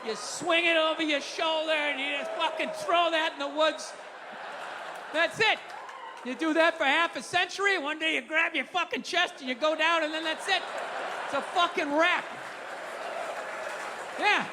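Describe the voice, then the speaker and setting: A middle-aged man doing a profane stand-up routine, ranting and shouting bits to a live audience. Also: very high voice, moderate pace, long pauses. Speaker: stand-up comedian. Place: stage before a live audience. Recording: live venue with long reverb, light crowd noise.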